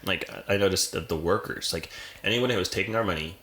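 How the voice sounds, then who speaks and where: A woman's voice: a bass voice, fast. An American woman co-hosting a podcast in casual chat at a home setup, rambling and laughing often as she talks. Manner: rambling, giggly, animated. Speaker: podcast co-host.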